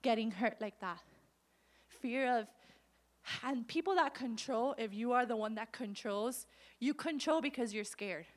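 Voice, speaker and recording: A woman's voice: a little high, a little slow. A woman in the pulpit, preaching and telling her own story with lots of acted-out quotes. Her voice sits a little above the usual for a woman, and she runs it up and down as she goes. She keeps the tone personal and direct with the congregation. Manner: personal testimony told with quoted voices, animated. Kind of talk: sermon.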